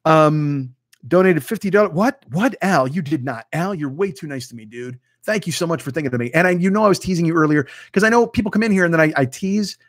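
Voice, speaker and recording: A man in his fifties, sitting a touch higher in pitch than most men, rambles through a casual livestream chat with viewers. He swears freely and mocks himself. The sound is dry and close, with almost no room in it. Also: fast, no echo. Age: 50s. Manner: profane, rambling, self-mocking. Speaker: host. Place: home studio with green screen.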